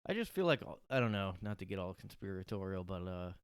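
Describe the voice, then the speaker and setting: A man's voice: low voice, very animated, fairly quick, clean tone, dry recording, clean studio sound. A man hosting a solo podcast from his room, rambling and sarcastic with lots of fillers. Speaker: podcast host. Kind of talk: casual solo monologue.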